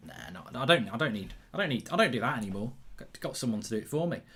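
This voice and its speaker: A man hosting a live football watchalong, chatting excitably and rambling between the match action and viewer comments. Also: mid-range voice, quick pace, slightly rough.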